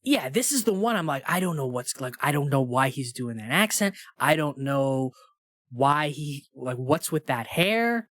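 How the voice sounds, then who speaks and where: A young man co-hosting a movie podcast, talking casually with lots of "like" and getting animated when he rants. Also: medium pitch, a little slow, dry recording, clean studio sound. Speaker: podcast co-host. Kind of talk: casual movie review chat.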